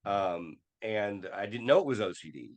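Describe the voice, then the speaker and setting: Podcast guest, man, lowish voice, halting storyteller who acts out the quotes. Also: expressive. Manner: halting, many fillers and restarts, acts out quoted dialogue. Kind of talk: personal storytelling in an interview.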